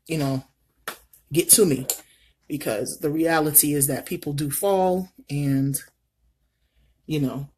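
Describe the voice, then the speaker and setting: A middle-aged woman vlogging her makeup routine while telling a story in an animated, folksy way. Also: deep voice, husky. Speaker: beauty vlogger. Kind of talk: casual makeup vlog storytelling.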